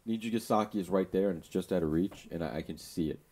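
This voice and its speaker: A man's voice: low voice, fast talker, warm tone, husky. A young man co-hosting a podcast, chatting casually and rambling about his week with self-mocking jokes. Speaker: podcast co-host. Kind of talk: casual chat.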